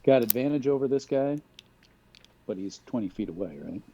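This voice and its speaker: A man playing an online tabletop game, speaking in a hesitant, deliberate way. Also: medium pitch, animated, warm tone, muffled recording. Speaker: player.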